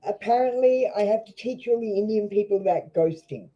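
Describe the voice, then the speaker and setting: A woman's voice: medium pitch, a little fast, lo-fi sound, soft background music. A woman with an Australian accent doing a live tarot reading, blunt and scolding, swearing freely as she talks to viewers. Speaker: tarot reader.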